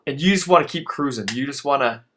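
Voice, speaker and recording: A man in his thirties talks through a workout as a fitness instructor. His voice sits at an ordinary middle pitch. He pushes hard with urgent encouragement and often sounds winded after the exercises. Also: fast talker, fairly bright tone, a little hiss or hum. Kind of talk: workout coaching voice-over.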